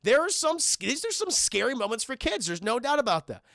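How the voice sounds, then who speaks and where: Young male streamer, profane and animated, bright gravelly tone, dry close sound. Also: extremely high pitch, brisk, no room sound. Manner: animated, profane, addresses chat often. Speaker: streamer and film reviewer. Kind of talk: casual film recap to live chat.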